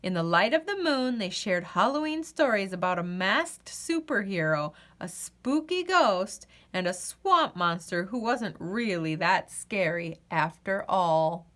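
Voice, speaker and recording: A woman reading a children's picture book aloud in a gentle, expressive way. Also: mid-range voice, a little slow, hardly any pauses. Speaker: children's story reader. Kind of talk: read-aloud storytelling.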